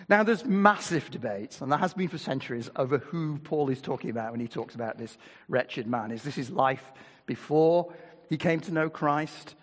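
An older man delivers a conversational sermon in a fairly high voice, reading scripture and putting rhetorical questions to his listeners. His words ring on in the long reverb of a big hall. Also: normal speed. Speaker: preacher.

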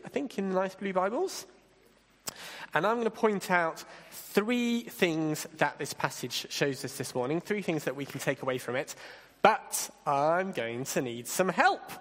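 A man leading an interactive Bible talk, playful and directing volunteers with quick asides. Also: fairly high pitch, fairly bright tone, long reverb tail. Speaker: church leader giving a talk.

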